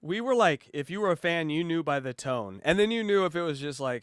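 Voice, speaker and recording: A man's voice: on the high side, fairly quick, clear, resonant tone, no room sound, clean studio sound. A man hosting a casual podcast chat, swearing freely and acting out radio voices. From West Coast of the US. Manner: profane, animated, mimics radio voices. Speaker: podcast host.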